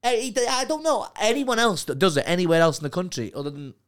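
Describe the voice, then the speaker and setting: Young Scouse male podcast co-host, casual and joking, lively swinging pitch, slightly high-ish voice. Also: fast talker, smooth. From Liverpool, England. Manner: animated, joking storyteller. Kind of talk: casual chat.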